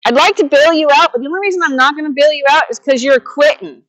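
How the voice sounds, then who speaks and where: A woman horsemanship instructor coaching a student live, giving steady directions and quick repeated praise. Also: high voice, no room sound, muffled recording.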